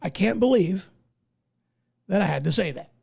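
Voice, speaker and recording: Indignant gravelly-voiced man, losing his voice. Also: high-pitched, expressive, moderate pace, a little mellow. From United States. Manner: emphatic, indignant, folksy. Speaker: podcast host. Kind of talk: opinion commentary, reading articles aloud.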